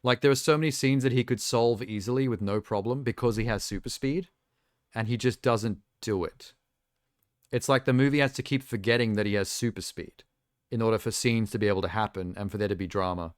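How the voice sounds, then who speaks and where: A man hosting a casual live stream, talking through his reactions and ranting with frustrated critique. His voice is smooth and sits fairly low. It sounds close and dry. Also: a little fast, no room sound.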